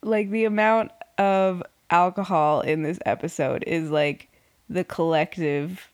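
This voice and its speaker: A woman's voice: on the low side, unhurried. A woman hosting a podcast alone, talking casually without editing, rambling, swearing and poking fun at herself as she loses her train of thought. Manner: rambling, swears, self-deprecating, restarts often. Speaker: podcast host. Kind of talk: unedited casual podcast monologue.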